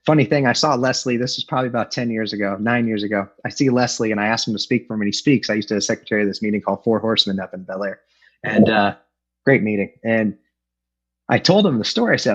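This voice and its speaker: Middle-aged man, lowish husky voice, candid recovery share over lo-fi video call audio. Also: quick pace. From Los Angeles. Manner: candid, self-deprecating, with frequent fillers and laughs. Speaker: AA speaker sharing his story. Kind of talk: personal recovery talk. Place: home, on an online meeting. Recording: dull lo-fi online call audio.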